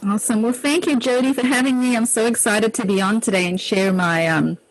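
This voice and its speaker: A woman's voice: fairly high pitch, a little fast, poor audio. A woman with an Australian accent, a public speaking coach talking enthusiastically as an interview guest. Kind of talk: casual interview talk.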